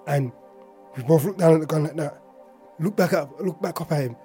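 Male, warm mellow tone, chatty anecdote teller with faint music behind. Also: on the high side, a little fast. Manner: chatty, heavy on filler words and asides. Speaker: storyteller. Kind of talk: casual anecdote telling.

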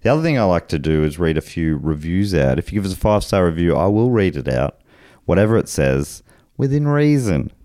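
A man's voice: deep voice, sing-song, brisk, dark tone, no room sound, studio quality. A man with an Australian accent hosting a podcast, chatting casually and laughing easily as he reads out listener messages. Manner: easygoing, laughs often while reading listener messages. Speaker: podcast host.

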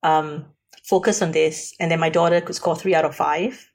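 A middle-aged woman, a financial adviser chatting on a podcast in an animated, talkative way. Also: sits low, normal speed. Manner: animated and talkative, often laughing. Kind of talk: casual podcast conversation.

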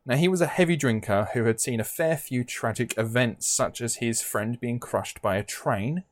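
A man's voice: medium pitch, normal speed, dry recording. A man co-hosting a podcast, telling a true crime story in a casual, joking way and laughing often. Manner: chatty, laughs often, jokey.

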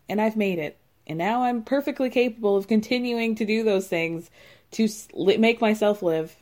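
A woman's voice: on the high side, moderate pace, darkish tone. A woman hosting a podcast, recapping a reality show in casual, blunt and mocking commentary into a close mic. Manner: sarcastic, mocking and blunt, with filler "like".

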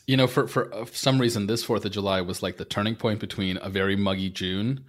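A man co-hosting a podcast remotely, chatting in an easy, relaxed way. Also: lowish voice, fast talker. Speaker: podcast co-host. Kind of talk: casual podcast chat. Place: remote, virtual studio.

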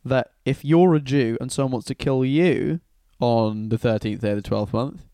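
A man's voice: medium pitch, moderate pace, dark tone, clear, resonant tone, dry recording, studio quality, close to an everyday voice. A man voicing an offhand ancient king who talks in modern slang and swears. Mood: brusque. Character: blunt casual ancient male king.

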